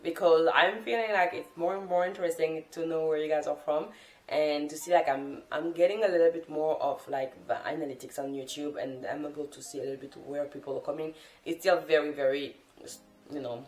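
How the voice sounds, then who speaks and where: A woman's voice: deep voice, reverberant. A woman and non-native English speaker, rambling in an unscripted, casual vlog talk from the floor of her room. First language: not English. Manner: rambling, chatty, self-correcting. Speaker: language-learning vlogger. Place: sitting on the floor in a room at home. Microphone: camera mic.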